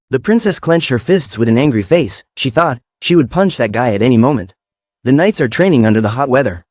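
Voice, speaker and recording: A man's voice: mid-range voice, animated, fairly quick, a little mellow, dry recording, clean studio sound. A man narrating a comic story recap in a plain storytelling manner.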